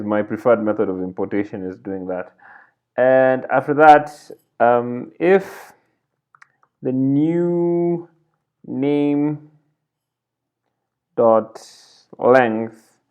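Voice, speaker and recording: A man with a smooth, medium-pitched voice teaches a coding screencast from his computer indoors, and the recording sounds muffled. He thinks aloud as he types, often tossing in "right?" and "like this."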